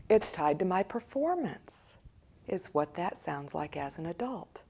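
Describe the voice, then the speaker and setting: An American woman speaking as a church counselor, giving an animated teaching talk and acting out quoted voices of children and parents. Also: fairly high pitch, moderate pace. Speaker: church director of community, counselor.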